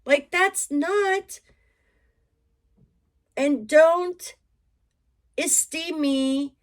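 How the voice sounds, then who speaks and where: A woman's voice: high voice, steady tone, drawn-out words, long pauses. A middle-aged woman chatting frankly to camera as a reseller, rambling and emotional with many asides. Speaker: reseller vlogger. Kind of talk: casual chat to camera.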